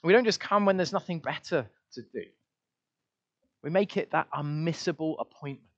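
A man preaching a sermon in an emphatic voice, repeating refrains and shifting his loudness widely. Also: fairly high pitch, normal speed, highs cut off.

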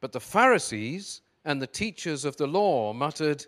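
A man's voice: a little high, sing-song, moderate pace, a bit bright. A man reading a Bible passage aloud to a congregation, checking the page number first. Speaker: Bible reader. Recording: long hall reverb.

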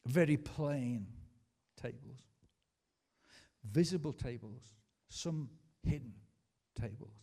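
A man's voice: medium pitch, slow pace, dark tone, slightly rough. A man, a pastor preaching a sermon in a school hall, emphatic, asking the congregation to repeat and answer back. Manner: emphatic preaching with call-and-response.

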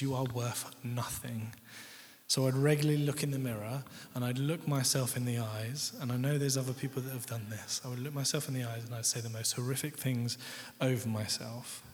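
A young man giving a candid, conversational personal testimony as a guest speaker in a church. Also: mid-range voice. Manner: candid, conversational, quotes others' words. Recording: long hall reverb.

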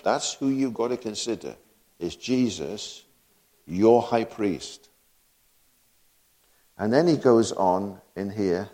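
A man's voice: fairly low pitch, lively intonation, takes it slowly, long pauses, mellow. A man preaching a sermon, full of rhetorical questions and laughing asides.

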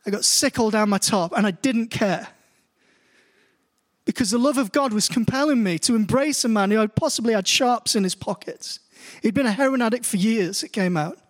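A British pastor with a notably high voice delivers a sermon in a church. He reads scripture in a slow, deliberate way, then tells personal stories with rising animation. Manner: storytelling, rising in pitch as he grows animated. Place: church hall.

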